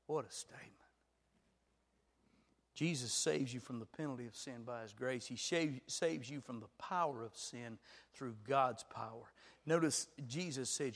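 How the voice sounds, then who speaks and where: A man preaching a sermon as pastor, moving from quiet storytelling to loud, shouted passages. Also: medium pitch, moderate pace, long reverb tail.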